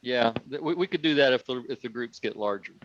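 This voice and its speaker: A man who organizes the workshop talks casually to the group, thinking aloud with frequent fillers and restarts. He comes through a video call with a dull, muffled sound. His pitch sits in an ordinary middle range. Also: quick pace, a bit bright, slight background noise.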